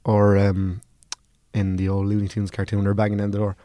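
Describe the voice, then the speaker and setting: A man co-hosting a podcast, chatting casually with quick, playful interjections. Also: on the low side, completely flat delivery, dark tone, no room sound, clean studio sound. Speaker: podcast co-host. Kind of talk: casual chat.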